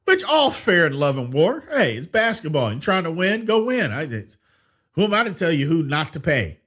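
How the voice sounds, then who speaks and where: Animated opinionated man hosting a sports podcast. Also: on the high side, normal speed. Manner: opinionated, animated, with many restarts and "I mean". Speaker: podcast host. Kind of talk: solo sports opinion monologue.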